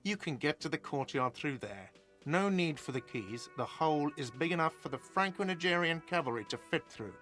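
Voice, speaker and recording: A man's voice: a little high, lively intonation, moderate pace, fairly bright tone, faint music behind. A man voicing an irritable, defensive bartender in a video game, speaking in a curt, exasperated way. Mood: sarcastic. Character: irritable, defensive male barkeep.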